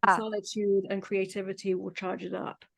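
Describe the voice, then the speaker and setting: A woman's voice: medium pitch, little pitch movement, normal speed, vocal fry. British woman guest, easygoing talk. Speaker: podcast guest. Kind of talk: casual interview chat.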